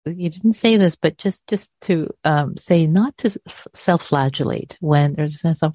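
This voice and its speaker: Soft-spoken woman teacher, slightly low. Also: measured pace, few pauses, no room sound, clean studio sound. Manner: soft, soothing, repeats words and trails off. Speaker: meditation teacher. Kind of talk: gentle dharma talk answering a question.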